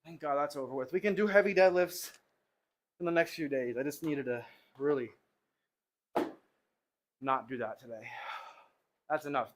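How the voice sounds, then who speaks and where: A slightly high-voiced man talks casually to his viewers from a home gym. He sounds winded and worn out from heavy lifts, and he rambles and cracks jokes between sets. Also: moderate pace, long pauses, slight background noise. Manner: joking, rambling, talks to chat. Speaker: livestreamer. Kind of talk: casual livestream chat between lifting sets.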